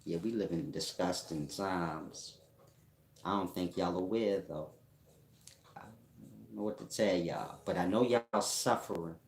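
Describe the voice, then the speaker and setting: On a casual livestream, a self-styled spiritual teacher reads out viewer comments and ribs people with slangy, rambling jokes, laughing often. His voice is low and creaky, a little slow and full of pauses, and the sound is roomy.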